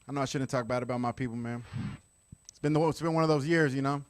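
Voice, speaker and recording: A man doing a conversational stand-up routine with deadpan asides to the audience. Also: medium pitch, fast talker, smooth. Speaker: stand-up comedian.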